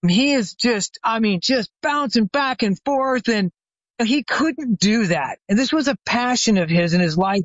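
Retired chiropractor telling an animated story. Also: male voice, high-pitched, no room sound. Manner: animated anecdote teller, acts out quoted phone calls. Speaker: retired chiropractor, guest expert. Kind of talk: storytelling interview. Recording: dry, slightly dull sound.

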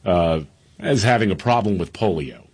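A man with a slightly husky voice co-hosts a talk radio show. He works through the day's stories in a relaxed, conversational way, with easy pauses and fillers. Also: low-pitched. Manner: relaxed, chatty news rundown with fillers.

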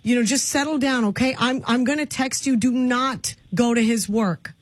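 A woman with a fairly high, husky voice hosts a radio talk show. She sounds earnest and soothing, recorded dry and close. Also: moderate pace, no room sound.

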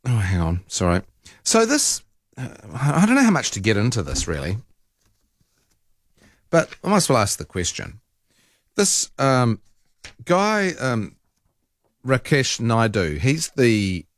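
New man, talk radio host, low voice swinging up and down, dry close sound. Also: dry recording. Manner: animated, exasperated storytelling with frequent ums and restarts. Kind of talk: casual phone-in radio talk.

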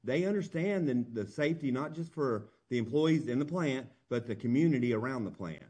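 A man, a union representative speaking as an interview guest, earnest and plain-spoken, with halting restarts. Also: medium pitch, animated, warm tone, husky.

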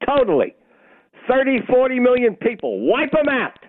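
A man's voice: very high-pitched, very animated, normal speed. An older man calling in to a talk radio show, blunt, agitated and argumentative. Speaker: caller. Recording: tinny phone line.

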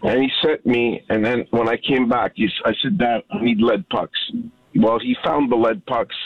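A man's voice: medium pitch, expressive, moderate pace, creaky, no echo. A man in his fifties calling in to a radio show, telling a heartfelt story with animation. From Canada. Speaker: caller. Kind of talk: phone-in storytelling. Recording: tinny phone line.

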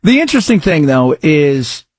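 A man's voice: a little high, big pitch swings, normal speed, slightly rough, no echo. A man hosting a radio talk show, chatting casually and jokingly about sports and news. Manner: chatty, rambling, jokey.

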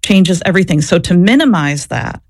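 A woman with a lowish, darkish voice talks briskly and expressively, recorded without echo. She is an interview guest who once worked at an abortion clinic, and she shares personal stories candidly and reflectively in conversation, often repeating words and restarting sentences.

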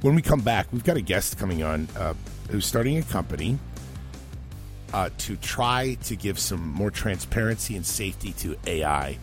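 A man's voice: sits low, animated, normal speed, soft background music. A man hosting a talk radio show, reading listener texts and rambling with chuckles and restarts. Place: radio studio. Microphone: close studio mic.

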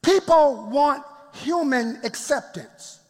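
High-pitched preacher in a reverberant hall. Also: male voice, expressive, slow. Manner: call-and-response preaching, laughs often, asides to the congregation. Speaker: pastor. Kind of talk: sermon. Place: church.

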